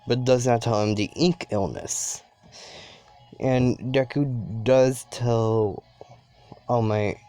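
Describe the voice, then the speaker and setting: A man's voice: mid-range voice, dark tone, no room sound. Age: young. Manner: rambling. Role: a man telling an improvised fan story. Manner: rambling, many fillers and restarts.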